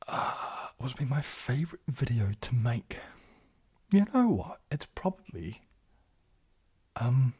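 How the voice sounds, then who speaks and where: Breathy whispering New Zealand man. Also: medium pitch, big pitch swings, slow, pauses often. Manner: shifts between whisper and soft speech, hesitant with fillers. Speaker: ASMR livestream host. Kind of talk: whispered, soft-spoken chat.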